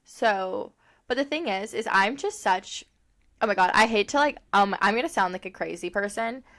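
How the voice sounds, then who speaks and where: A woman's voice: mid-range voice, animated, moderate pace, a bit bright. Chatty young woman co-hosting a podcast. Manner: chatty, rambling, laughs often, many fillers. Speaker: podcast co-host. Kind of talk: casual chat.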